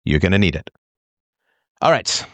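Here a middle-aged man hosts a podcast, talking to listeners in a low, sing-song voice at normal speed with no room sound. His delivery is blunt and emphatic, with occasional impressions of whiny people.

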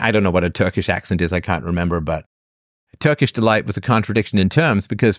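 A man's voice: on the low side, animated, brisk, no room sound, clean studio sound. A man from England telling a rambling comic story, sardonic and full of exaggeration.

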